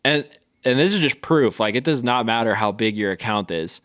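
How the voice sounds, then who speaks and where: A man's voice: medium pitch, lively intonation, normal speed, fairly bright tone, no echo. Man, podcast co-host, joking and loose, laughs a lot, dry close sound, video call. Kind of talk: casual chat.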